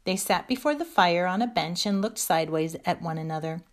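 A woman reading a children's story aloud in a gentle, expressive way. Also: lowish voice, fairly quick.

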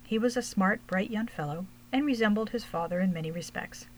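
A woman narrating a storybook aloud in a steady, measured way. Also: mid-range voice, a little hiss or hum, poor audio. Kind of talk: storybook reading.

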